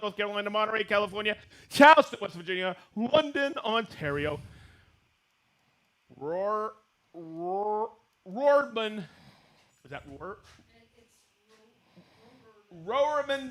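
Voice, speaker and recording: A man's voice: high voice, bright, forceful tone. A man hosting a live stream, cheerfully greeting viewers by name and hometown. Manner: upbeat, reads out viewer names and hometowns with quick greetings and laughs.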